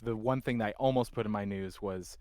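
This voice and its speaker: A man co-hosting a casual podcast, talking haltingly and restarting his sentences. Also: fairly low pitch, a little mellow, no room sound. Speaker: podcast co-host. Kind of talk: casual chat.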